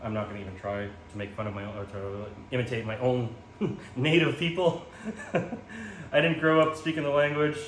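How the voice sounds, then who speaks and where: A man's voice: medium pitch, moderate pace. A man chatting casually while cooking at home, rambling with lots of ums and self-mocking jokes, filmed on a phone. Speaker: home cook vlogger. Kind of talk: casual cooking vlog chat. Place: home kitchen. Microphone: phone camera in portrait mode. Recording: echoey room with background noise.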